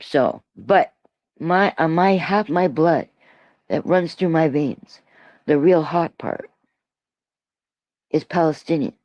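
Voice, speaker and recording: This livestream host, a woman in her sixties from Toronto, Canada, chats casually on her own, reading out comments and laughing often as she rambles. She speaks slowly in a low voice, pausing often. Recorded on a streaming mic, the audio is dry and muffled.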